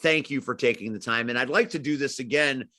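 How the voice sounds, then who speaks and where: Brief: male host, effusive showman, mid-pitched voice, dry sound. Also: brisk, bright, forceful tone, no room sound. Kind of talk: interview host wrap-up.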